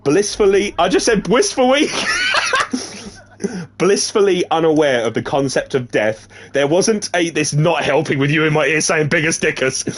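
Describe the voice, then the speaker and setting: Guy reading a book out loud, casual, pitch bouncing all over, jokes around between lines. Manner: reads aloud, breaking off to joke and laugh. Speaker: reader of a novelization. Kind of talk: casual read-aloud narration.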